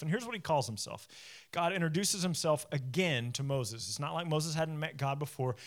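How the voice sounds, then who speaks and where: A man's voice: a little high, fairly bright tone. A man preaching a sermon as the pastor, telling the story casually and acting out the lines of the people in it.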